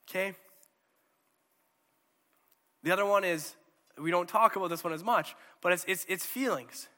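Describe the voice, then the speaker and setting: Male preacher, fairly high bright voice, casual animated sermon, hall reverb. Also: fairly quick. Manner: conversational, animated, checks in with "okay?" and "right?".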